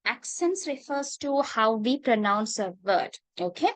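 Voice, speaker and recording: A woman with a Sri Lankan accent teaching English in an online class. She is patient, calls students darling and dear, and pauses often with "uh". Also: fairly high pitch, very animated, no echo, low-quality recording. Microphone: video call.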